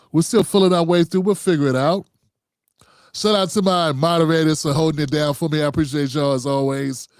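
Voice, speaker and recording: Casting note: middle-aged man, relaxed livestream commentary host, slightly high voice, dry close sound. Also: no echo. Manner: loose and conversational, calls viewers fam.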